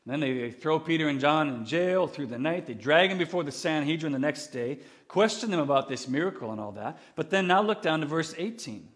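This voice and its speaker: A man preaching a sermon in an earnest, conversational way, animated and full of restarts. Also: brisk, few pauses. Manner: animated, acts out quoted voices with big pitch swings. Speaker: pastor.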